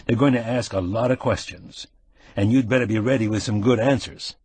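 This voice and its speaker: A man voicing a shrewd, avuncular middle-aged man who speaks steady and probing, in an audiobook. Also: fairly low pitch, brisk, breathy edge, dry recording. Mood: stern concern.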